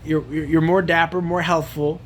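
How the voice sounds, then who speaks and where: A man vlogging a loose, profanity-laced rant, circling back on himself with slang and filler. His voice sits a little high for a man, and a faint hum of ambient noise sits under it. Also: level tone, moderate pace. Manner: rambling, profane, slangy, says bro a lot. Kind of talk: casual rant to camera.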